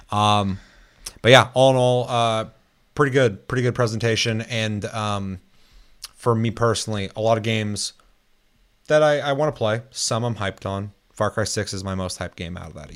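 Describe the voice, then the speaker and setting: A man's voice: on the low side, a bit bright. Laid-back young man swearing through a podcast. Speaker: podcast host. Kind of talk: casual gaming podcast chat.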